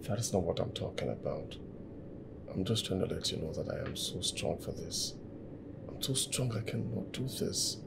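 An actor playing a wealthy boss who talks in a tired, pleading way. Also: male voice, low-pitched, expressive, moderate pace, gravelly, noisy background, exaggerated voice. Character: wealthy boss, man, weary and gentle. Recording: music playing underneath.

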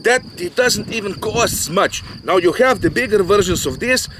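Brief: high-voiced male host, jokey and rambling, outdoor field recording with loud insect noise. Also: animated, normal speed. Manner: joking, rambling, non-native phrasing. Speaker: channel host, RC pilot. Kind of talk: casual outdoor chat.

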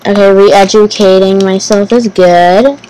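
A woman giving casual gameplay commentary as host of her channel, talking to herself nervously, repeating phrases and bursting into excited exclamations. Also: medium pitch, unhurried, a little hiss or hum, low-quality recording. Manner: nervous, anxious self-talk, repeating phrases.

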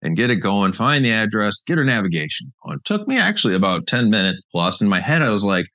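With a sing-song delivery that's a little fast, a man on the low side of pitch and sharp in tone hosts a casual chat without echo. Hailing from British Columbia, Canada, he rambles through stories at ease and laughs often.

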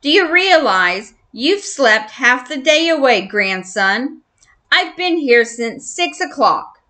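Storybook figure: a woman playing a shrieking old grandfather mouse, bossy and loud, bright voice. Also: high voice, big pitch swings, takes it slowly, exaggerated voice. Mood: bossy shouting. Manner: shouting, bellowing orders.

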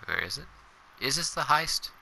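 A man's voice: mid-range voice, sing-song, moderate pace, creaky, sharp tone, slight background noise, poor audio. A young man casually commenting on his gameplay as a let's play host, laid-back and jokey.

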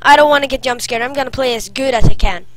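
A woman's voice: high voice, fast, a bit bright, a little hiss or hum, poor audio. A woman commenting as she plays a horror game, easily startled and crying out at jump scares. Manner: jumpy, cries out at jump scares. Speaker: game player. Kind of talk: let's play commentary.

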